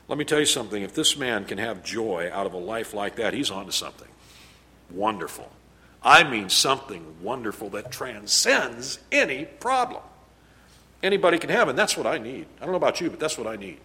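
A man preaching a sermon as pastor, emphatic, his loudness rising and falling as he drives points home. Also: medium pitch, lively intonation, normal speed.

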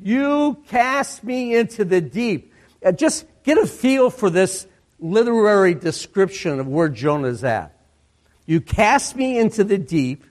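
A male pastor preaching a sermon, reading scripture aloud and repeating key phrases for emphasis. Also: high voice. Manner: slow, deliberate reading of scripture with emphatic repetition.

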